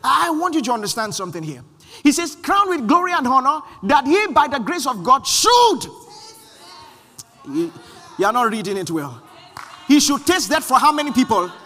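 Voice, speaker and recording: High-pitched animated preacher. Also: male voice, normal speed. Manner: animated, shouting refrains, acts out quoted voices. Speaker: pastor. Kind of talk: sermon. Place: large church hall. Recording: long hall reverb.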